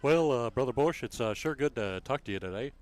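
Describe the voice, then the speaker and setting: A man's voice: mid-range voice, animated, fairly quick, close to an everyday voice. A man putting on a folksy southern drawler.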